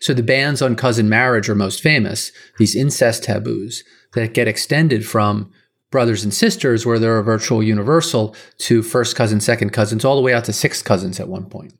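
A man's voice: fairly low pitch, normal speed. A man being interviewed as a guest author, explaining his ideas in long, list-like answers. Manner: explanatory, lecture-like listing. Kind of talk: casual interview talk.

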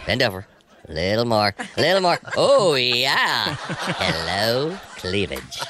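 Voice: medium pitch, very animated, slow pace. A performer voicing a six-month-old baby boy who talks like a lecherous sailor in a comedy radio sketch, over a music bed. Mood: leering. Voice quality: wisecracking, lecherous. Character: foul-mouthed talking baby boy, leering.

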